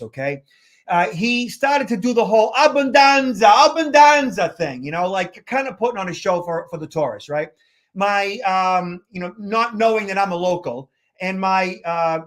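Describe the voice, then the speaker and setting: A man's voice: high-pitched, a bit bright. A man hosting a podcast, telling a travel story in a chatty way and repeating words as he restarts. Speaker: podcast host. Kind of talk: casual storytelling chat. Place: lives in Boston.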